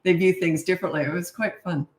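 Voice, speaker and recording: A fairly low, slightly mellow female voice moves at a quick pace with fairly even intonation. She's a middle-aged parenting coach giving casual Q&A advice bluntly and matter-of-factly, with chatty asides, and the recording echoes roomily.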